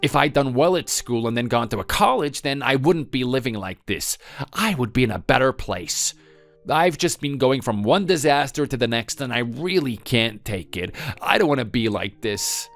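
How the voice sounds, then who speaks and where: A bitter, self-pitying grown son who pins every failure on his mother, as a man voices him. The voice is mid-pitched and swings widely. Faint music plays under the voice-over. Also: lively intonation, normal speed, fairly bright tone. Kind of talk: texting-story voice-over.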